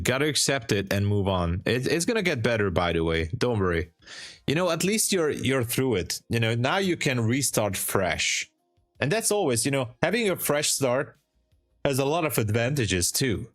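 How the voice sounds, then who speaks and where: A man's voice: mid-range voice, fairly bright tone. A man hosting a live trading stream, chatting casually with viewers, laughing often and giving encouraging advice. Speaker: trading livestream host.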